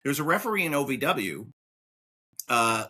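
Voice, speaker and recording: Bright-voiced excitable male podcast host. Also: normal speed, husky. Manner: excitable, swoops up and down in pitch. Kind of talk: casual podcast chat.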